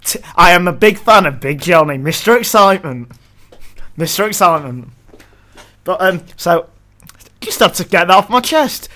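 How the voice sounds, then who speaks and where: A man's voice: sits high, animated, moderate pace, bright, forceful tone. A young man co-hosting a casual podcast, joking and laughing often at his own lines. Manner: jokey, self-mocking, laughs often. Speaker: podcast co-host.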